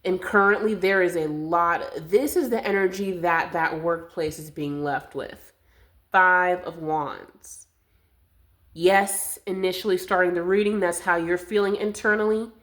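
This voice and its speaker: Slow, gentle woman reading tarot. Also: fairly low pitch, steady tone. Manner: slow, soothing and affectionate, calls viewers loves and darling. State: a little winded, with coughs. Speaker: tarot reader. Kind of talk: collective tarot reading to camera.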